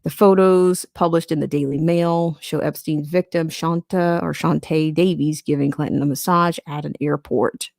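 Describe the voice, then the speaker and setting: A woman's voice: deep voice, steady tone, moderate pace, creaky, hardly any pauses, darkish tone, no echo, studio quality. A woman hosting a podcast, reading a news article aloud and breaking in with sarcastic asides. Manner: sarcastic asides between read quotes. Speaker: podcast host.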